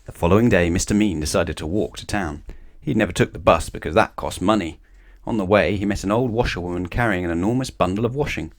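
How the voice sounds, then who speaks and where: Animated man reading a bedtime story. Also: sits low, fast talker. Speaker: storybook reader. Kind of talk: children's bedtime story read-aloud.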